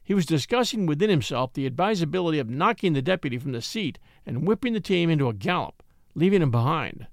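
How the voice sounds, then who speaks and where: A man narrating an old-fashioned tale with an expressive storytelling delivery. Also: on the high side, quick pace, no echo, clean studio sound.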